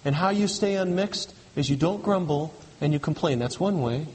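A pastor delivering an emphatic sermon, full of repetition and rhetorical questions. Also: male voice, on the high side, animated, normal speed, in a large hall.

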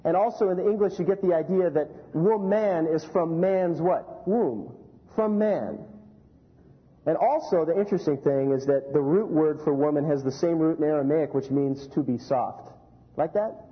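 A high-pitched male pastor preaching in a church, lively and animated, telling anecdotes and asking the room questions. The sound is muffled and carries a long echo from the sanctuary. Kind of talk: sermon.

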